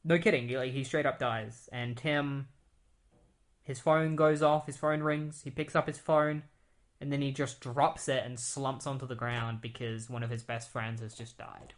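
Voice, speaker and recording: A man's voice: medium pitch, little pitch movement, unhurried. A man hosting a podcast, casually retelling a comic book story with lots of fillers. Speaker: podcast host.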